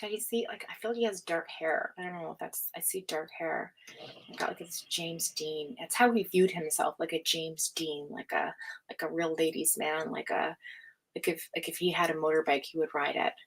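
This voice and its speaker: A woman's voice: deep voice, moderate pace, poor audio. A woman giving a live tarot reading, talking casually with lots of fillers, frequent laughs and a bit of swearing. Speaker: tarot reader. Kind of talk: live-stream psychic reading.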